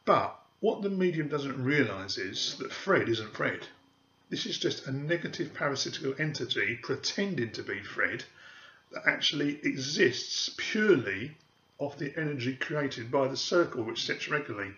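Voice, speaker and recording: A man hosts a podcast as a psychic medium, speaking emphatically and with open scorn for frauds. His voice is bright and forceful. The recording is roomy and a little muffled. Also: mid-range voice, lively intonation, moderate pace, a little hiss or hum. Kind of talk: podcast monologue. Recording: echoey room, dull audio.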